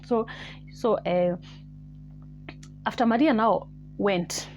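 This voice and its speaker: A woman's voice: medium pitch, slow, highs cut off, faint music behind. A woman casually telling a story as a vlogger, repeating herself and dropping to near-whispers. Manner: animated, repetitive, musing, drops to near-whispers.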